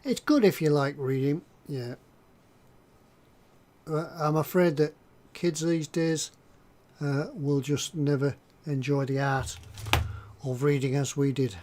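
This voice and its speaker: A man's voice: a little high, fairly even intonation, slow, long pauses, darkish tone. An older man hosting a live stream, chatting casually and hesitantly as he reads out viewer comments. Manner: rambling, hesitant, lots of ums and restarts. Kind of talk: casual chat while reading viewer comments.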